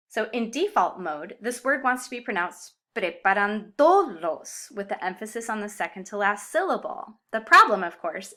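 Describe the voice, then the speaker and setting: A woman's voice: medium pitch, pushed and bright. A woman explaining Spanish grammar in a playful video lesson. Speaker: Spanish teacher.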